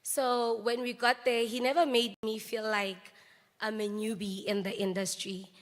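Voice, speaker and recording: Brief: slow, high, bright South African actress telling eulogy anecdotes in a reverberant memorial hall. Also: female voice, little pitch movement. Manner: anecdotal, mixes languages, laughs between stories.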